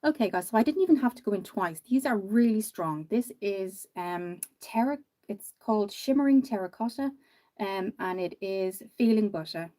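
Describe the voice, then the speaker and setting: A woman's voice: medium pitch, animated, moderate pace. A tired woman from Ireland with a mixed Irish accent, chatting casually with viewers on a makeup livestream and reading out their comments. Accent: Irish, not tied to one county, with some American mixed in. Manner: chatty, sympathetic, trails off quietly mid-thought. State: tired after one hour of sleep.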